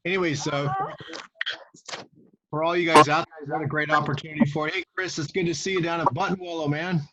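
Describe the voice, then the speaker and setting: A man's voice: fairly high pitch, steady tone, brisk, noisy background. A man giving casual welcome remarks on a video call, rambling, with many fillers. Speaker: webinar host. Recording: dull lo-fi call audio.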